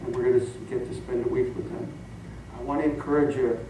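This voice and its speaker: Recorded at a distance in an echoey church sanctuary with slight background noise, this middle-aged pastor preaches at a quick pace in a mid-range voice. His sermon is storytelling, animated and full of laughter as he goes.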